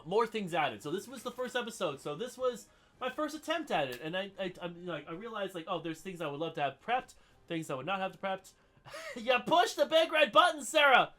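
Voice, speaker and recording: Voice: medium pitch, fairly bright tone. A podcast host with a scratchy throat, chatting casually on a solo show, rambling with lots of fillers and giggles.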